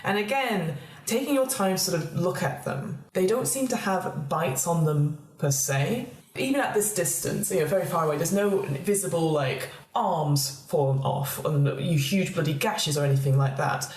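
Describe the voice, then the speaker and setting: A woman narrating a tabletop role-playing game as game master, in a relaxed way with many hedging fillers. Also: lowish voice, normal speed. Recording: echoey room.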